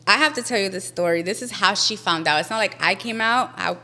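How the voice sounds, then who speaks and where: Young woman guest spilling a story, bright voice, cussing a lot, mixing in spanish. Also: medium pitch, a little fast. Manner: animated, swears often, switches into Spanish. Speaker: podcast guest. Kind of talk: casual storytelling.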